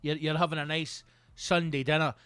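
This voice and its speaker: A Scottish comedian in his thirties hosting a podcast, rambling through a casual comic monologue that is full of swearing and breaks into loud outbursts. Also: fairly high pitch, fairly quick, clear, resonant tone, no room sound. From Scotland. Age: 30s. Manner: sweary, rambling, animated bursts into loud exclamations.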